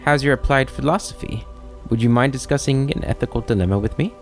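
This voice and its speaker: Man reading as Krennic, a sly gravelly kobold. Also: mid-range voice, quick pace, soft background music, voice pushed up, lightly acted. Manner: wry, rambling, mock-innocent. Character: sly talkative male kobold schemer.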